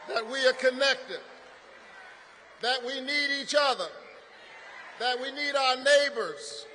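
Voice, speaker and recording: A man's voice: very high voice, takes it slowly, sharp tone, a little hiss or hum. A man, a pastor, giving a rousing political rally speech in a preacherly call-and-response style. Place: large rally venue. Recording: long arena reverb.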